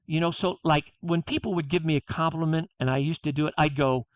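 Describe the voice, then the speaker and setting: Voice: medium pitch, fairly even intonation, brisk, no echo. A guest author on a podcast interview, talking earnestly and reflectively and acting out inner dialogue.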